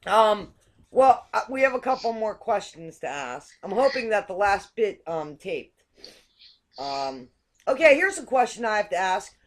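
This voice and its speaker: A woman's voice: mid-range voice, big pitch swings, a little slow. A woman hosting a casual game-show chat over a video call, playful and teasing. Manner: playful, teasing, laughing often. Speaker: talk show host.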